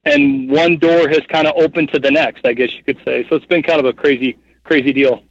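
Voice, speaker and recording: A man in his thirties telling a long story as a guest in an interview, rambling and animated, with lots of fillers. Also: a little high, a little fast, lo-fi sound. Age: 30s. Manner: rambling, animated, heavy with fillers like "like" and "you know what I mean". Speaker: guest, hunting guide and cameraman.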